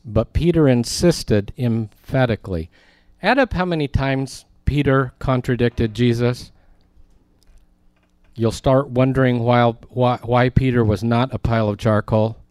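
A man's voice: medium pitch, a little slow, a little mellow, clear, resonant tone, no room sound, studio quality. A male pastor preaching a sermon in a conversational way, with emphatic asides as he reads and explains scripture.

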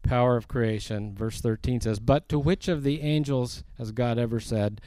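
Slow and deliberate, a preacher with a warm, mid-range voice reads scripture aloud as he teaches his sermon verse by verse. He raises his intensity on the quoted lines, and the recording is dry.

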